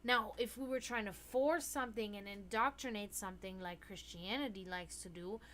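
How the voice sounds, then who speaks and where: A woman's voice: moderate pace, a bit bright, slight background noise. A woman hosting a casual livestream, rambling with many restarts and fillers, sounding tired. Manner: high baby talk to her cats. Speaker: livestream host.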